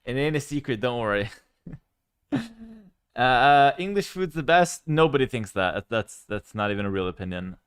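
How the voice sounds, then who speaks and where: A man talks loosely to his stream, relaxed and rambling, with plenty of fillers. His voice is smooth and resonant, mid-pitched. The sound is dry and close to a desk mic. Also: moderate pace, no room sound. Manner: relaxed and chatty, with frequent fillers. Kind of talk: casual livestream chat.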